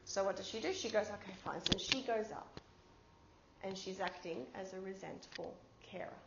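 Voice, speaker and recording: Speaking at a moderate pace in a mid-range voice with vocal fry, a woman leads a conference workshop, using everyday examples and giving the audience instructions. The recording comes from an echoey conference room, with dull sound and background noise.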